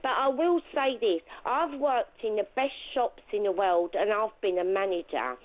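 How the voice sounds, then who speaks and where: A woman's voice: mid-range voice, lively intonation, moderate pace. A woman with a Cockney accent calling in to a radio show, bold, flirtatious and outspoken. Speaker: caller. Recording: tinny phone line.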